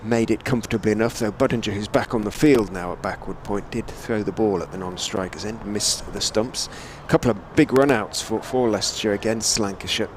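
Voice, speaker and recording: A man with a voice on the low side offers relaxed, chatty ball-by-ball cricket commentary, radio fashion, from a rooftop position at a stadium hotel. His measured calls swell with excitement on big shots, over slight background noise.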